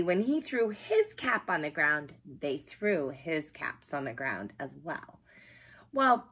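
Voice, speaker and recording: A woman hosting preschool circle time, talking to children in a lively sing-song way. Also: mid-range voice, slightly rough. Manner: lively, sing-song talk to little kids. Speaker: preschool teacher, circle host.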